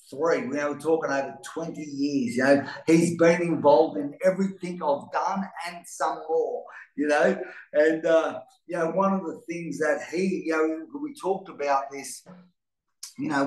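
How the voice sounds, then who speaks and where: A middle-aged man hosting a live motivational talk, earnest and rambling, often restarting his words. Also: fairly high pitch. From Australia. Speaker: host. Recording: roomy echo.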